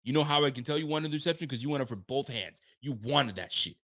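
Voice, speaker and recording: A man's voice: mid-range voice, animated, fast talker, fairly bright tone. A young man hosting a live sports stream, ranting with frustration and swearing freely, sometimes acting out players' voices. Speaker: livestream host. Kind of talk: animated live sports rant.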